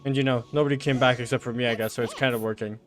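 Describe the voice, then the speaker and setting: A man streaming a game, giving casual commentary with sarcastic remarks, frequent swearing and excitable outbursts. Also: mid-range voice, very fast, faint music behind.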